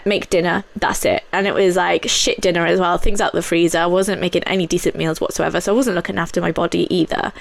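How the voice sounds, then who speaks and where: A woman in her thirties, hosting a personal podcast, speaking candidly in a halting way with many fillers and restarts. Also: medium pitch, vocal fry. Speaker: podcast host.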